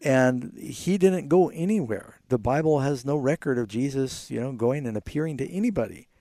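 Radio Bible host, male, gravelly and mellow, earnest explainer, dry studio sound. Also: mid-range voice, moderate pace, no echo. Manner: earnest, explanatory, quotes scripture in animated bursts. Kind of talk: call-in Bible answers.

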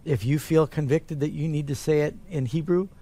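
A man, a pastor, answering Bible questions in a relaxed, conversational way. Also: a little high, brisk.

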